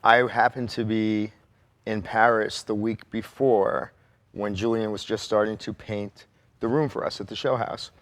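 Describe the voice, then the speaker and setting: A man's voice: fairly low pitch, level tone, measured pace, fairly bright tone. A man who is an interior designer, telling anecdotes in a chatty way on a panel. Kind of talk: panel talk, storytelling.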